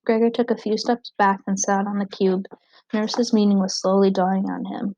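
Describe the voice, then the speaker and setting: A woman reading a novel aloud, narrating in a steady, even way. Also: mid-range voice, a little fast, gravelly, no echo, dull audio. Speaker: audiobook reader.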